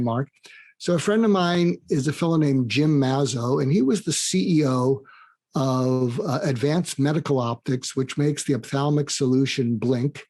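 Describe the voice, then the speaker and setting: An older man, a psychiatrist and author, telling stories in an interview and animatedly acting out quoted dialogue. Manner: animated storyteller, acts out quoted dialogue with rising pitch. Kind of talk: conversational storytelling interview.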